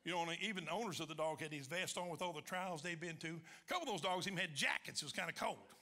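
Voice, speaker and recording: A man telling a funny hunting story on stage before a large audience, folksy and animated, loud in the quoted lines. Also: on the high side, quick pace. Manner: folksy, animated, shouting punchlines in quoted voices. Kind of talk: live comic storytelling.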